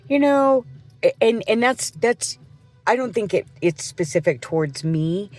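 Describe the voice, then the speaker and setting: A woman's voice: on the low side, darkish tone. Angry rambling middle-aged woman venting. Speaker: janitor. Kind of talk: venting vlog monologue.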